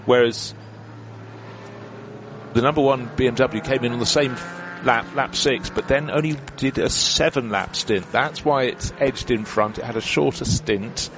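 A man's voice: medium pitch, a little slow, noisy background. A man commentating on a motor race, explaining strategy in detail with a chatty manner.

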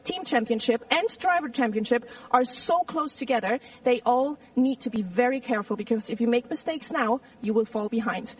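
A woman's voice: a little high, normal speed, hardly any pauses, breathy edge, recorded from a distance, poor audio. Bubbly woman reporting from the race grid. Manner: chatty, bubbly, talks freely. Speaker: pit lane reporter. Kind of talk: live trackside interviewing.

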